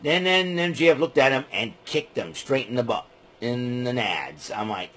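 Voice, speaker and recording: A man's voice: on the low side, expressive, moderate pace, fairly bright tone. A man giving a rambling, casual spoken recap of a wrestling show, often breaking into name-calling rants.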